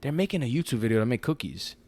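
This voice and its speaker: A man's voice: mid-range voice, big pitch swings, racing, darkish tone. A man co-hosting a podcast in casual, slang-heavy chat, often asking "you know what I mean". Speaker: podcast co-host.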